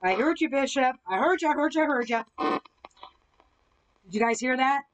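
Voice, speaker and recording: A woman's high, animated voice comes through at normal speed on a low-quality recording. She's streaming a ghost hunt live, using a spirit box and lots of other gear to question spirits and reply to viewer comments.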